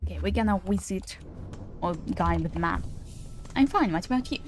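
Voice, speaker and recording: Her fairly low, expressive voice moves at normal speed, with a little background noise behind it. This streamer chats casually with viewers during a laid-back gameplay livestream, giggling, addressing chat and laughing a lot.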